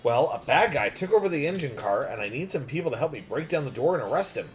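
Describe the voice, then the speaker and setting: Animated streamer reading out a game, faint music underneath. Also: male voice, a little high, fast. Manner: playful, animated. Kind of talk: casual game reading and commentary.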